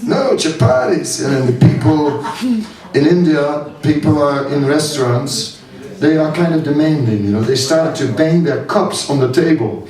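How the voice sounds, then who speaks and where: A man's voice: on the high side, darkish tone. A man, a monk giving a seminar, telling stories with frequent chuckles. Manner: slow, chuckling, anecdotal. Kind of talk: storytelling talk. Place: hall at a summer camp. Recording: echoey hall from far off, audience.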